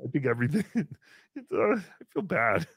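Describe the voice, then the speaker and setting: High, animated comedy podcast host. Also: male voice, normal speed, breathy edge, no room sound, clean studio sound. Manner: goofy, rambling, animated.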